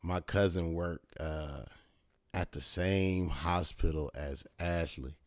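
A man with a fairly low voice tells a funny story in casual chat. He acts out the other people's lines and laughs along as he goes. The sound is dry and close, with almost no room around it. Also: slow, dry recording. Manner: animated storyteller, acts out quotes, laughs often.

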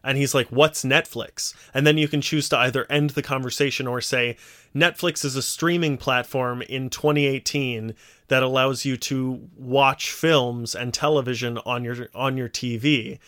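A man's voice: mid-range voice, moderate pace. A man co-hosting a casual podcast chat, retelling scenes at length and acting out the quoted lines. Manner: animated storyteller, acts out quoted lines. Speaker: podcast co-host.

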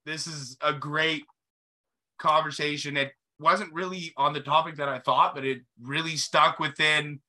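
A man's voice: on the high side, steady tone, a little slow, bright, forceful tone. A man hosting a casual podcast who wraps up the talk in an easygoing way and hands the turn to each guest. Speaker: podcast host.

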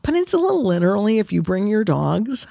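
A woman comedian as a podcast guest, chatting in a brash, expressive way, laughing often and swearing. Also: medium pitch, a little fast, vocal fry, no room sound, studio quality. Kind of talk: casual chat.

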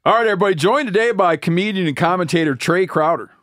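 A man hosting a podcast, relaxed and chuckling, often restarting his sentences. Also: high-pitched, fast talker, dry recording, studio quality. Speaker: podcast host. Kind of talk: casual podcast chat.

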